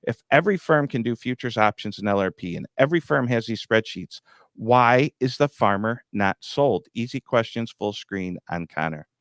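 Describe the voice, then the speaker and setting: A man's voice: medium pitch, lively intonation, normal speed, no echo, clean studio sound. A middle-aged man hosting a grain market show, talking bluntly with a teasing edge. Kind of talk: market commentary.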